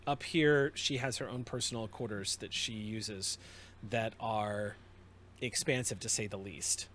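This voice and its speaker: A man running a tabletop game as game master, narrating scenes in an unhurried, descriptive way with small restarts. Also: fairly low pitch, a bit bright, slight background noise.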